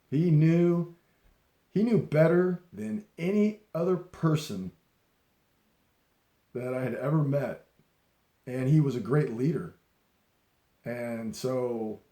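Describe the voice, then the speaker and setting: A man's voice: mid-range voice, dark tone, echoey room. A middle-aged man telling personal leadership stories in a casual, rambling way, laughing often and restarting his sentences. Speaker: speaker sharing leadership stories. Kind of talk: casual storytelling talk.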